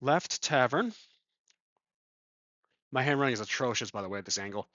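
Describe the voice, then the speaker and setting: A man's voice: medium pitch, lively intonation, moderate pace, a bit bright, no room sound. Rambling man narrating a solo RPG. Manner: rambling, thinking aloud with many ums. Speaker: solo tabletop game player. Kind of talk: improvised game narration. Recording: dull lo-fi sound.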